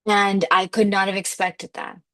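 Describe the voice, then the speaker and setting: A woman's voice: mid-range voice, little pitch movement, normal speed, sharp tone. A woman coaching listeners through a motivational spiritual talk, emphatic and conversational, often saying "like". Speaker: manifestation coach.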